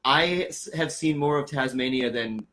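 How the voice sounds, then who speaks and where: A man's voice: medium pitch, normal speed, a bit bright. A man who works as a musician, chatting as a radio guest and telling stories with enthusiasm. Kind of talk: casual chat.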